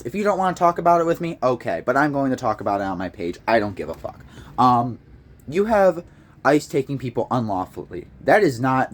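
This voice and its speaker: A young man from the United States giving a heated, profane, rambling political rant with frequent restarts. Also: medium pitch. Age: young adult. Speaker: political commentator. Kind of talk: casual rant to camera.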